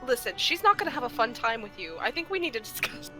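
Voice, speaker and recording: A woman's voice: fairly high pitch, very animated, quick pace. A woman playing a tabletop game, teasing the others bluntly in casual in-character banter. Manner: teasing, blunt, laughing often. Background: background music.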